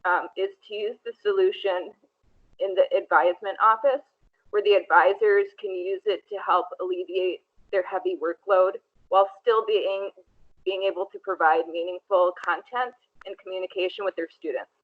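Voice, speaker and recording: A woman's voice: medium pitch, steady tone, normal speed. A woman student presenting a class project, reading from notes with frequent fillers and restarts. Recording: tinny phone-like audio.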